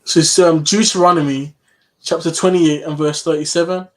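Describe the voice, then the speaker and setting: A man co-hosting who reads a passage of scripture aloud at a steady pace. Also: a little high, moderate pace. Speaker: co-host.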